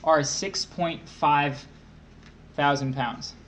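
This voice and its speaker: A man's voice: fairly high pitch, fairly even intonation, extremely slow, fairly bright tone, a little hiss or hum. Joking male co-host. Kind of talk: joking banter.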